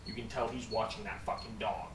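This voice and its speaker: A man narrating as game master of a tabletop game, animated, swearing and mocking himself. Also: lowish voice, fairly quick. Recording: echoey room, far from mic, background noise.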